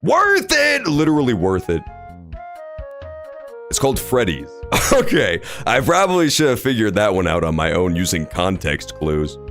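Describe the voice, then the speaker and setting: A man's voice: low voice, lively intonation, normal speed, faint music behind. A man streaming a video game, joking and swearing while reading the story aloud. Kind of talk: casual game commentary.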